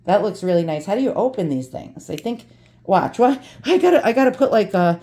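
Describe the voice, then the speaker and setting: A woman's voice: medium pitch, lively intonation, fairly quick, mellow. Profane joking woman unboxing. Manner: brash, profane, joking, talks to viewers. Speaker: vlogger unboxing antiques. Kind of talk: casual unboxing chat.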